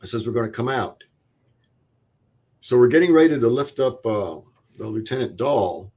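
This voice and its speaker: An older man, a veteran guest in an interview, retelling a night in combat in plain, vivid words with quoted dialogue and pauses. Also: mid-range voice, animated, a little mellow. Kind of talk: interview storytelling.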